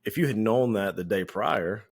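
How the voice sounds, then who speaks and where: A man with a very low voice tells a story in an easy, conversational way. He co-hosts a podcast and talks about his time as a firefighter. Now and then he acts out what the people in the story said. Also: moderate pace, vocal fry, breathy edge. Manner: relaxed, anecdotal, acts out quoted lines. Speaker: podcast co-host.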